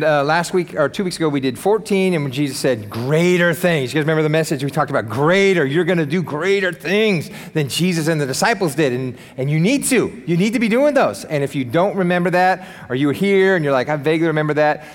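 A male pastor preaching a sermon to his congregation in an easygoing, enthusiastic way, joking with the room between points. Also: mid-range voice. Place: church sanctuary. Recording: long reverb of a large hall.

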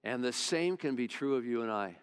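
A man's voice: mid-range voice, lively intonation, fairly quick, clean tone. A male pastor preaching a sermon, retelling a Bible story in a folksy, conversational way.

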